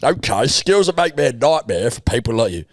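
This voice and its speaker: A man's voice: mid-range voice, big pitch swings, a little fast, dry recording. A man putting on a brash tough-guy voice, swearing and tagging lines with "right?". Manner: swears constantly, punchy "right?" tags.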